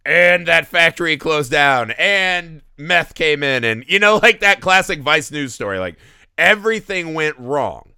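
A man's voice: a little high, unhurried, clear, resonant tone, no room sound, clean studio sound. A man hosting a podcast, talking casually and animatedly about a horror film, often tagging his points with "right?". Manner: animated, tags lines with "right?". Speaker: podcast host.

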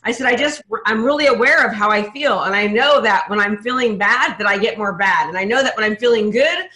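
A woman hosting a podcast in casual interview chat, upbeat, talking in quick bursts with many restarts. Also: mid-range voice, pushed and bright, reverberant. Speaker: podcast host.

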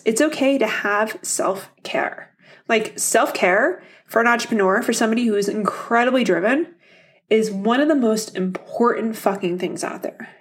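Brash, swearing woman podcaster. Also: fairly high pitch. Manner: blunt, heavy swearing, laughs easily; motivational, addresses listeners directly. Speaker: podcast host. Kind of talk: casual solo podcast monologue.

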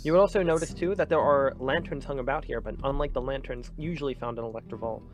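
A man's voice: mid-range voice, fast talker, faint music behind. A man narrating a tabletop game as game master, in a loose, filler-heavy way.

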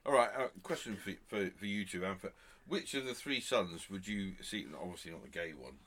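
Brief: deep-voiced man, animated, gruff and defensive. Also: a little fast. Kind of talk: casual chat.

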